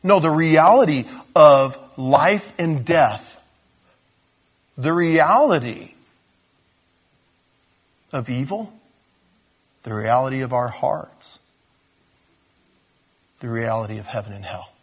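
Husky-voiced man preaching conversationally. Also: medium pitch, lively intonation, slow, long pauses. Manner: conversational preaching with asides and self-interruptions. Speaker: pastor. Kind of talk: sermon.

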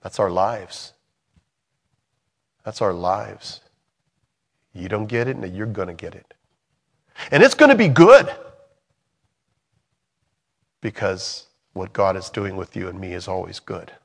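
A man preaching a sermon in a conversational way, swinging from loud emphatic bursts to soft, hushed lines. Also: low-pitched, big pitch swings, takes it slowly, gravelly, pauses often, husky.

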